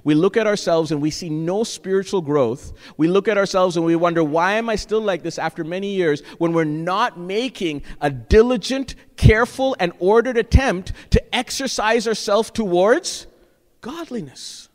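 Earnest pastor preaching in a reverberant hall. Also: male voice, high-pitched, moderate pace, hardly any pauses. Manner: earnest, exhorting, often tags lines with "right?". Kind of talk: sermon. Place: church sanctuary. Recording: long church-hall reverb.

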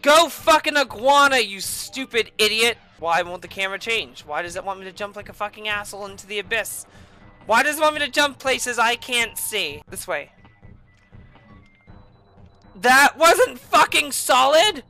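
A woman streaming a video game, raging and cursing loudly at it in heated gameplay commentary. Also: mid-range voice, lively intonation, a little fast, faint music behind. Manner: furious profane yelling at the game. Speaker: gaming streamer.

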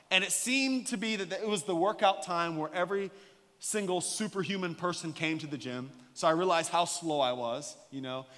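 A man preaching a sermon as a guest pastor, an animated, joking storyteller. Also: sits high, in a large hall. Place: church sanctuary.

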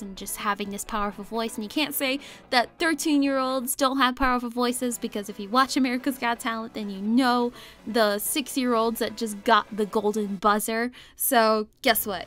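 A woman's voice: on the high side, sharp tone. A woman host rambling casually about her drawings, giggling often and second-guessing herself. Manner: rambling, giggly, self-conscious. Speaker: art channel host. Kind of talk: casual voice-over commentary.

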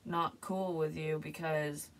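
A woman's voice: low voice, fairly even intonation, slow, far from the mic. A woman giving a casual, hesitant psychic tarot reading, rambling and sometimes dropping to a near whisper.

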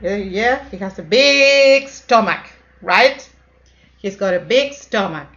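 A woman's voice: medium pitch, animated, fairly bright tone. Woman teaching English to kids, dull recording. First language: Spanish. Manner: sing-song, mixing Spanish and English, drawn-out repetitions. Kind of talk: children's English lesson.

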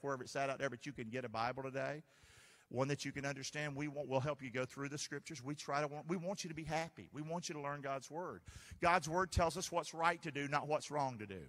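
A man pastor preaching a sermon, full of call-and-response questions aimed at the congregation. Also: on the high side. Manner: animated call-and-response preaching, asks the crowd to answer. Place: church sanctuary. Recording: long church reverb.

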